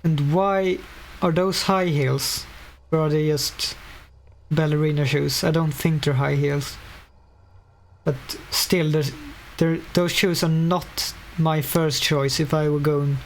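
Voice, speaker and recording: A man with a slightly high voice talks through a horror game live, thinking out loud as he plays. His commentary is loose and casual, full of dry little asides. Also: steady tone, slow, a little hiss or hum. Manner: thinks aloud, wry asides. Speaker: streamer. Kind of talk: casual let's-play commentary.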